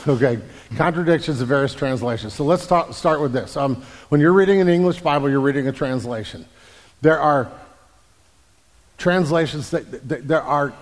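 A man, a pastor, answering congregation questions about the Bible in an explanatory way, often restarting and repeating words. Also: fairly high pitch. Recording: long hall reverb.

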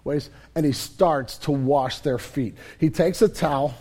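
A male pastor delivering a sermon with a high-pitched, warm, relaxed voice. He talks in a casual, conversational way and retells the story vividly for his church. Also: a little slow.

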